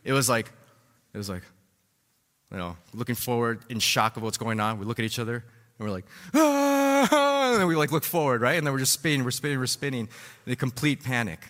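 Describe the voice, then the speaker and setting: A man in his thirties delivers a sermon, spinning a personal story in a loose, conversational way, checking in with "right?" and "like" as he goes. His voice sits at an ordinary pitch and rings out with a long hall reverb. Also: quick pace. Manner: animated storytelling with many "right?" and "like". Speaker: pastor.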